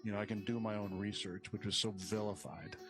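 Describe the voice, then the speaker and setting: A man with a fairly low voice argues forcefully, packing his talk with "you know" and the odd curse. Clear background music runs under his voice throughout. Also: a little fast. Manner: animated, swearing, full of "you know". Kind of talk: podcast rant.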